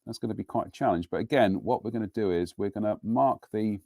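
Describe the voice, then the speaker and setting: A man's voice: fairly low pitch, fast, vocal fry, dark tone, no room sound, clean studio sound. A middle-aged man hosting a live model-building broadcast from his home workbench, chatting in a rambling, self-deprecating way. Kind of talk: casual live demonstration and chat.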